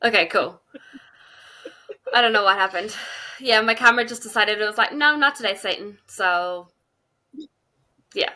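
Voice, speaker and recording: A woman's voice: mid-range voice, unhurried, long pauses, pushed and bright. A woman co-hosting a podcast over a video call, upbeat and jokey as she runs the episode. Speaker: podcast co-host. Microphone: video call with webcam.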